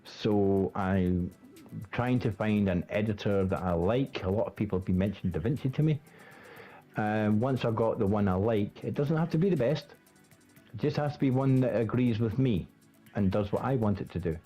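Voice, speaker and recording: A man's voice: fairly low pitch, moderate pace, faint music behind. A Scottish man in casual chat, rambling and restarting his sentences, swearing often as a guest rating a build. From Scotland. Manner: animated, rambling, stammering restarts.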